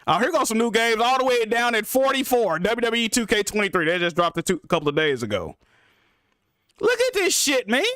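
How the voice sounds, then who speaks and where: A young man streaming live about games, ranting in an exasperated, profane way with big swings between loud outbursts and mutters. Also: sits high, lively intonation, fast talker, hardly any pauses, no echo, studio quality. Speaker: gaming streamer.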